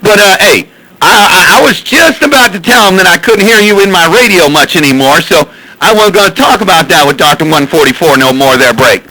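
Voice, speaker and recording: A man's voice: high-pitched, animated, a little fast, pushed and bright, low-quality recording. A man chatting and laughing over CB radio, stammering and repeating himself. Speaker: CB radio host. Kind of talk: casual CB radio banter.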